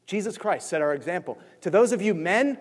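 A man pastor preaching a sermon with passion, swinging from near-yelling to quiet intensity. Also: high voice, animated, brisk, long reverb tail. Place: church sanctuary.

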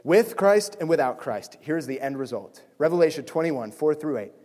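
A man pastor preaching a sermon with passion, swinging from near-yelling to quiet intensity. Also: fairly high pitch, lively intonation, moderate pace, long reverb tail. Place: church sanctuary.

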